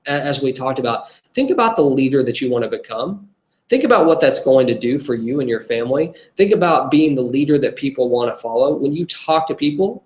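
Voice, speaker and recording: A man giving an emphatic, repetitive motivational lesson as a network marketing coach. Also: mid-range voice. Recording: roomy echo.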